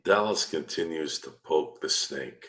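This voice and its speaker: A man's voice: a bass voice, measured pace, a bit bright. A man talking heatedly as a guest on a fan podcast, asking rhetorical questions and swearing freely. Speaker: guest commentator. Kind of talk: casual podcast chat.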